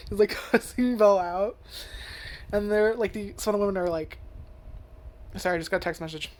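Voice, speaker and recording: A woman's voice: mid-range voice, moderate pace, pauses often, a little mellow. Woman ranting casually about anime. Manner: swears freely, acts out character lines; lots of "like" and restarts. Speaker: anime reviewer. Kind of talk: casual rambling review.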